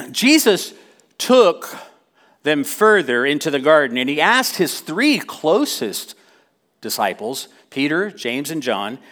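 A man preaching a sermon in church, animated, with wry asides and dramatic quoted lines. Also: mid-range voice.

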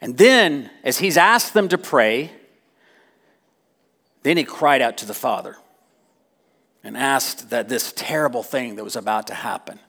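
A male preacher delivering a sermon in a slow, unhurried way. His pitch swings widely as he acts out quoted lines and adds dry humorous asides. He is speaking in church. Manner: animated, with wry asides and dramatic quotes.

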